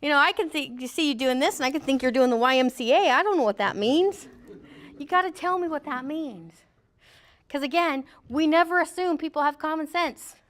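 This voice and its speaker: High-voiced middle-aged woman, joking safety instructor who acts out quotes. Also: brisk, a bit bright. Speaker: safety trainer. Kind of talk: classroom training talk.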